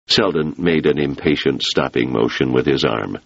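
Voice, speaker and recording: A man narrating a novel in a measured storytelling manner. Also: extremely low pitch, creaky, dry recording, dull audio. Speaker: audiobook narrator. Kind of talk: scripted narration.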